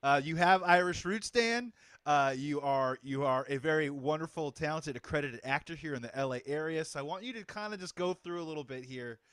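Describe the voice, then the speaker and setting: Guy hosting a movie podcast, kinda high voice, bouncy and laughing a lot, dead dry mic. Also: fairly bright tone, clear, resonant tone, dry recording. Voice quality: upbeat, laughs often, drawn-out emphasis. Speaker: podcast host. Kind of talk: casual movie podcast chat.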